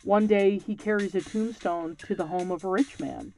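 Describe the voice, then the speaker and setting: A podcast host reading a folktale aloud and reflecting on it in measured, scripted narration. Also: mid-range voice, a little mellow, soft background music.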